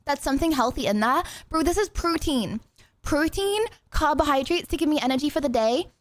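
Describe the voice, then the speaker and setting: A woman's voice: sits high, lively intonation, brisk, dry recording. A young woman streaming live, chatting casually and rambling to her viewers while she eats. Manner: rambling, chatty, talks to chat.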